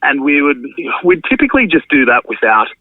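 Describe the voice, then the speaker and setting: A man's voice: on the high side, sing-song, fairly quick, no echo. A man, a drummer and venue owner, chatting casually as a podcast guest, rambling and swearing freely. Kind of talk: casual conversational interview. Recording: narrow phone-like sound, dry.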